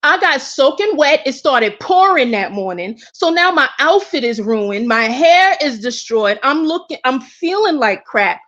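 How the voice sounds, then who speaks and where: Woman guest telling her story, kinda high voice, candid, keeps restarting, dull lo-fi audio. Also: unhurried, hardly any pauses. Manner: candid, animated, with frequent restarts. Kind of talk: casual storytelling.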